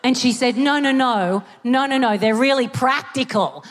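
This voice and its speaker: Australian woman doing stand-up, high voice. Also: a little slow, hardly any pauses, a little hiss or hum. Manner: animated storytelling with sudden shouted punchlines. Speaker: stand-up comedian. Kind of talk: stand-up comedy set. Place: theatre stage before a live audience. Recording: live theatre with long hall reverb.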